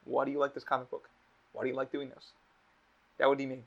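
A man's voice: mid-range voice, monotone, fast, gravelly. A young man hosting a podcast, telling rambling stories with lots of swearing. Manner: heavy swearing, rambling storytelling. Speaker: podcast host. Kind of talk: casual podcast chat. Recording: dull lo-fi podcast audio.

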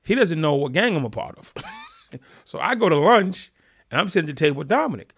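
A man's voice: a little high, big pitch swings, brisk, fairly bright tone, slightly rough. A man guest in a casual interview, telling vivid stories and acting out quotes. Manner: vivid storyteller, acts out quotes. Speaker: guest, former prisoner.

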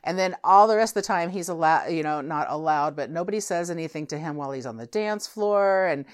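A woman's voice: sits low, a little fast, smooth. A woman in casual conversation about a film, rambling with asides as she tells what she noticed. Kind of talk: casual movie discussion.

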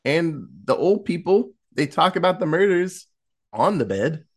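Speaking a little slowly in a voice on the high side, a man recaps a horror movie during a relaxed podcast conversation. His storytelling is lively and profane, full of laughter as he performs the characters' quotes.

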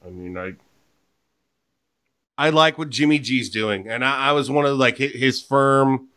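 Bright-voiced joking male podcast host. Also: medium pitch, a little slow. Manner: rambling, joking, self-interrupting. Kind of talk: casual sports chat.

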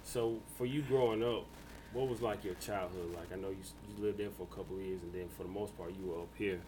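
A man, hosting a podcast interview in a relaxed, reassuring way with loose fillers. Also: low voice, quick pace, background noise. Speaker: podcast host. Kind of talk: casual interview.

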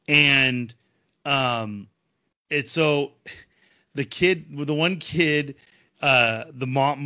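A man co-hosting a podcast, chatting casually and excitedly with frequent fillers. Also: medium pitch, no room sound, clean studio sound. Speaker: podcast co-host. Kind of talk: casual chat.

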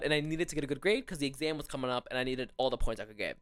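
A young man from Palestine, co-hosting a podcast and telling stories in a rapid, animated way, full of "like.". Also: fairly high pitch, clear, resonant tone, dry recording, studio quality. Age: young adult. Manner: rapid, animated storyteller, lots of "like". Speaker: podcast co-host. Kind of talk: casual chat, storytelling.

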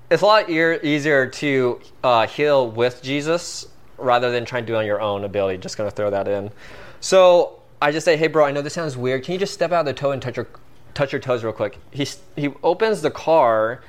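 Animated man telling a story. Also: fairly high pitch. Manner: animated, filler-heavy, peppered with "like". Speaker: guest. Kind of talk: casual storytelling.

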